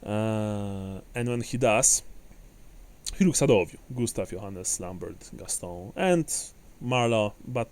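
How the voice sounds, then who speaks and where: A man's voice: fairly low pitch, lively intonation, darkish tone. A man running a tabletop game as game master, narrating with frequent fillers and restarts. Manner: halting, many fillers and restarts.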